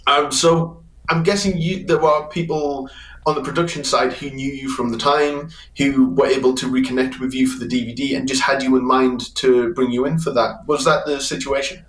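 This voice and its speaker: A man's voice: mid-range voice, steady tone, normal speed. A man from the United Kingdom with a British accent, hosting a casual YouTube interview in a chatty, self-deprecating way. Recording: roomy echo.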